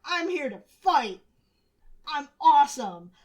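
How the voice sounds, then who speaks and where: Casting: woman doing a swaggering, boastful viking villain, loud and cocky. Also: high-pitched, big pitch swings, slow pace, pitched above the performer's own voice, full character voice.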